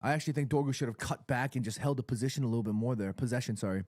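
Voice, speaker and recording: A man hosting a live football watchalong stream from his apartment, talking to his chat in excitable, emotional, slangy fan talk. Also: medium pitch, very fast, dry recording, clean studio sound. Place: home apartment with neighbors nearby.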